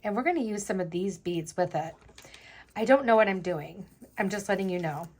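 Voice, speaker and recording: A woman's voice: mid-range voice, a little fast, a little mellow, husky. A woman vlogger chatting casually as she makes jewelry, thinking aloud with lots of fillers. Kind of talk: casual crafting chat.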